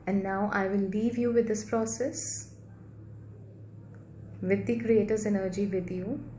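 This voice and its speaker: A woman guiding a healing meditation in a soft, gentle, slow and repetitive way. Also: mid-range voice, fairly even intonation. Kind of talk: guided meditation. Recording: roomy echo with faint background hiss.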